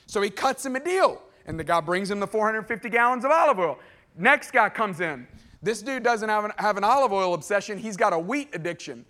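A man preaching a sermon in a lively, conversational way, acting out characters and tossing asides to the crowd. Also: high-pitched. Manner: acts out characters in quick voiced exchanges. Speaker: pastor.

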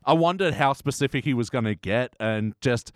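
A laid-back man with a middle-pitched voice talks in a casual back-and-forth and slips in dry wisecracks. The recording is close and dry. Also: animated, moderate pace, dry recording. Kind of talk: casual chat.

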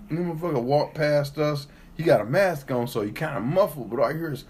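Husky man telling profane stories. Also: a little high, quick pace, hardly any pauses, darkish tone. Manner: profane storytelling, acts out people he quotes. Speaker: co-host. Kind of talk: casual chat.

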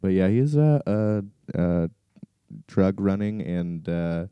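A man's voice: sits low, animated, slow, smooth, no room sound, dull audio. A young man chatting casually as a podcast guest, laid-back, laughing often and trailing off. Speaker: comedian guest.

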